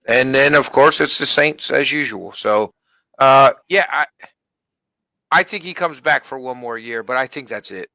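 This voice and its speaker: A man's voice: medium pitch, a little slow, bright, forceful tone, no echo, low-quality recording. A man co-hosting a casual sports talk show, speaking in an emphatic, conversational way. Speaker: podcast co-host.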